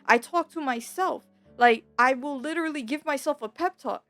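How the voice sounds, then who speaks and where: A woman's voice: high-pitched, moderate pace, a bit bright, faint music behind. Young woman confiding with rambling fillers. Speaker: gaming YouTuber. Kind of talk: candid personal vlog talk. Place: home.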